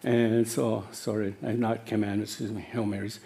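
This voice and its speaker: A man in his sixties telling his life story as personal testimony, halting, with many fillers and self-corrections. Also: on the low side, flat delivery, vocal fry, dark tone.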